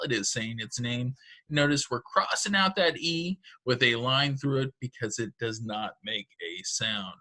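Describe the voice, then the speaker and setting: A man's voice: medium pitch, sharp tone. A male teacher giving patient, step-by-step instructions in a recorded phonics lesson for children and their parents.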